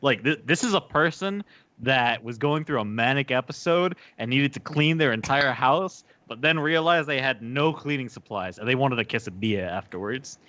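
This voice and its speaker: A man's voice: medium pitch, animated, normal speed, bright, forceful tone, no room sound, dull audio. A man in a casual podcast chat, speaking emphatically and repeating himself for effect.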